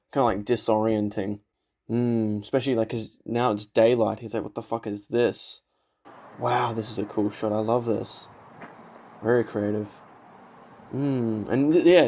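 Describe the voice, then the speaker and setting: A man's voice: lowish voice, moderate pace, creaky, darkish tone. A man giving a casual movie reaction commentary, laughing often, swearing and filling with "like" and "you know".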